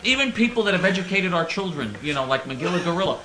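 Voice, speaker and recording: A man's voice: sits high, expressive, fast talker, sharp tone, reverberant, a little hiss or hum, rough recording. A male host delivering a sarcastic, rambling satirical monologue, stammering over his words.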